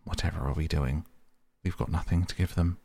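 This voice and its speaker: A man's voice: deep voice, measured pace, creaky, darkish tone, breathy edge, dry recording, exaggerated voice. A man voicing a male mole who welcomes guests eagerly and grows flustered, in a storybook reading.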